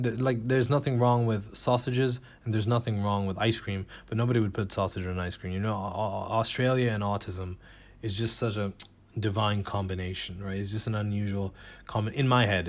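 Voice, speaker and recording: Low-voiced man doing rambling stand-up. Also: fairly even intonation, normal speed. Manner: rambling, self-deprecating, with restarts; reads jokes from a notebook. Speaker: stand-up comedian. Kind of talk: stand-up comedy set.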